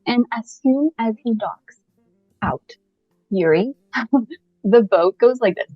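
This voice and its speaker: A woman from Canada, a podcast guest, telling a personal story in a lively, casual way and laughing often as she goes. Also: on the high side, slow, dry recording, muffled recording, faint music behind.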